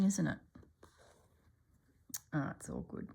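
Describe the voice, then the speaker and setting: A middle-aged woman, chatting casually as she stitches for her channel and often dropping to a soft whisper. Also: fairly low pitch, unhurried, pauses often, husky. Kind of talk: casual stitching vlog chat.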